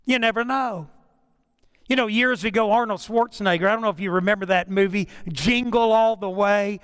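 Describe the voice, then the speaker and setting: A pastor preaches in a notably high-pitched voice. He tells his stories in a loose, conversational way, often restarting his sentences. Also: moderate pace, fairly bright tone, clear, resonant tone. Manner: storytelling, conversational with frequent restarts. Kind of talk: sermon.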